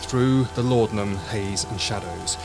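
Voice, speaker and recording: A man's voice: lowish voice, a little slow, gravelly, music in the background. A man acting as game master, narrating a tabletop game dramatically. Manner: dramatic, storytelling. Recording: noisy podcast recording.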